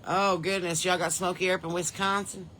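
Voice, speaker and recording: A woman with a Southern US drawl hosts a casual livestream, calling out viewers' names and states in a folksy, friendly chatter. Her voice is bright and forward, with a faint hiss of noise under it. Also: lowish voice, flat delivery, normal speed. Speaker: podcast host.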